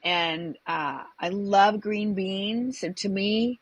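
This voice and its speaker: A woman's voice: medium pitch, slow pace, no room sound. A woman guest, a comedian and presentation coach, speaking in an upbeat, enthusiastic way in a casual interview.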